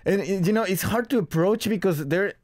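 A man's voice: high voice, fast talker, darkish tone, dry recording. Male radio guest, easygoing, laughing, close dry mic. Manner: laughs often, acts out quoted lines. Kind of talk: casual radio chat. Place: radio studio. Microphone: studio mic.

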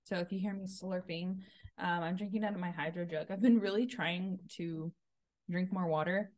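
A woman's voice: on the low side, steady tone, normal speed, darkish tone, no echo. A woman in her thirties hosting a casual solo podcast, upbeat and chatty with lots of filler words, buzzing after a workout. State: energized after a workout class. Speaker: podcast host.

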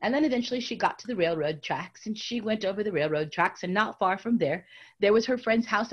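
Woman storyteller, mid pitch, dramatic swings from bright to hushed, talks straight to the audience. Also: fairly quick, muffled recording. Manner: dramatic, swinging from bright raised tones down to hushed near-whispers; addresses the audience directly. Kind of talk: oral storytelling lecture.

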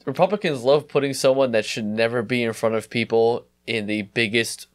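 A man's voice: medium pitch, fairly quick. Quippy man. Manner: joking, blunt, jumps in with quips. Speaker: podcast co-host. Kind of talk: casual chat.

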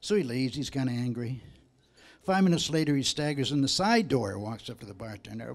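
A man telling jokes on stage in a stand-up set, as a chatty storyteller who slips into quick voices for the people he quotes. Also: medium pitch, animated, creaky. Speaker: stand-up comedian.

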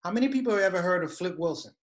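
A man's voice: high-pitched, animated, very fast. A middle-aged man teaching a comedy writing workshop in a conversational, engaging way. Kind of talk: workshop talk.

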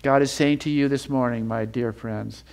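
A male preacher in the middle of a sermon, with a voice of ordinary pitch. He builds with feeling through repeated phrases and drops lower and slower when he reads scripture aloud. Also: fairly even intonation, creaky, a little mellow. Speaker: Bible teacher. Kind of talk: sermon teaching.

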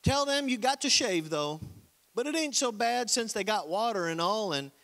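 A man's voice: high voice, animated, moderate pace, fairly bright tone, pitched above the performer's own voice. A man voicing a naive young male country-boy Marine recruit with a put-on Southern accent, reading his letter home in a folksy drawl. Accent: American Southern (put on). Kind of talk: comic letter reading in a sermon.

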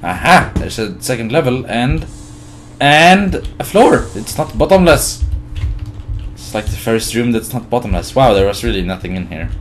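A man giving gameplay commentary, muttering quietly between excitable, laughing outbursts at the game. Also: mid-range voice, moderate pace, slight background noise. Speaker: let's play host.

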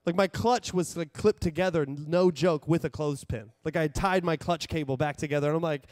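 A man's voice: a little high, fairly quick, hardly any pauses, darkish tone, dry recording, studio quality. A young adult man telling a long, rambling personal story during a church sermon, with many restarts and fillers. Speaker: pastor. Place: church stage.

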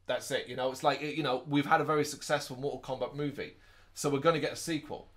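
A man co-hosting a podcast, chatting casually and recapping a movie in an animated way, with quick asides in put-on voices. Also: mid-range voice. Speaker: podcast co-host. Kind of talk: casual movie review chat.

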